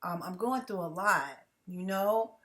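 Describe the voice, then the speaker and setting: A woman talks straight into her camera, rambling, restarting and filling every pause. She is under heavy stress and sounds it, her voice a little on the low side. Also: a bit bright. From United States. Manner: rambling, halting, many fillers and restarts. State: stressed, agitated. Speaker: vlogger. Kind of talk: emotional personal vlog.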